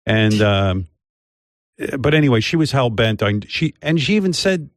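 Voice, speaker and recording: Older guy on radio telling a rambling story, dry close mic, mid pitch. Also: normal speed, no room sound. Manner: rambling, animated, mimics others' voices in quotes. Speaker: radio host. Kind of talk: casual storytelling chat. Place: radio studio. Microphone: studio microphone.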